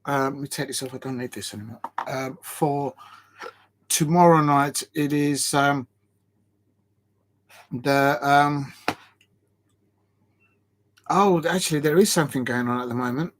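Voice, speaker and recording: A man's voice: mid-range voice, a little slow, pauses often, a little hiss or hum. A man chatting on a live football watch-along stream. He rambles, laughs, and sounds tired and short of breath. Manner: chatty and rambling, laughing between tries at headers.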